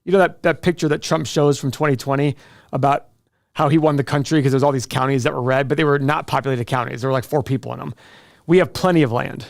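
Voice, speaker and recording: A man's voice: medium pitch, fairly even intonation, quick pace, vocal fry, dry recording, clean studio sound. A middle-aged man hosting a casual livestream, answering viewer questions with jokes and self-deprecating asides.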